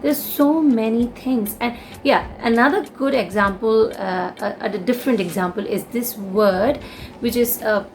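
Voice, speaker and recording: A woman's voice: on the high side, unhurried, faint music behind. A young woman with an Indian English accent, giving a casual English lesson and explaining things with many fillers and restatements. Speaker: English teacher.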